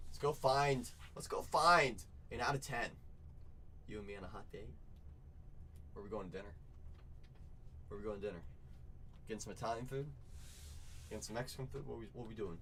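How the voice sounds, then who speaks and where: A man hosting a live card break stream, talking to viewers in excitable, repetitive sales patter. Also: mid-range voice, moderate pace, long pauses. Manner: excitable, repeats phrases, chats with viewers. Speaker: card break livestream host.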